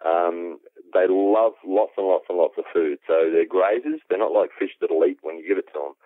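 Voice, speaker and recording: A low-voiced man with an Australian accent talks through a long, relaxed explanation, dotting it with ums. His voice comes over a tinny, dry phone line. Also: normal speed, no echo. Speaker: aquaponics specialist guest. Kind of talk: explanatory interview answers. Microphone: phone call.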